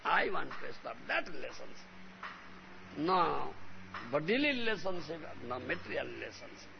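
A man gives an emphatic devotional sermon. He constantly checks in with his listeners. His high, gravelly voice swings widely in pitch, heard on a dull recording with a faint hiss. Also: sing-song, moderate pace. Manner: emphatic, frequently asks "huh?" and "you understand?". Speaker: spiritual teacher.

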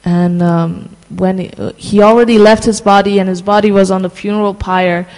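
A speaker casually telling a devotional story, halting often and slowing down for emphasis. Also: medium pitch, steady tone, darkish tone, in a large hall, low-quality recording. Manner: halting, many fillers and restarts, slows for emphasis.

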